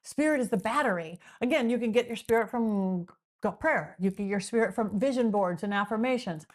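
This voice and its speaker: A woman talking as a podcast guest, explaining her ideas in animated, repetitive lists and sometimes acting out the voices of imagined people. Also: mid-range voice, fairly quick. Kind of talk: explanatory interview talk.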